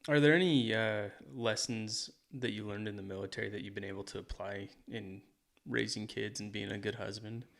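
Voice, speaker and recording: A man hosting a podcast, with a low, gravelly voice full of vocal fry. He keeps his questions short and laid-back. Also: normal speed. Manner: brief, relaxed interjections and questions. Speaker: podcast host. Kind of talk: casual interview chat.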